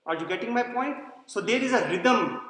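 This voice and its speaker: A man's voice: very high-pitched, expressive, normal speed, a bit bright. A man giving a classroom lecture, explaining patiently, repeating key points and checking whether students follow. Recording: echoey hall, long reverb.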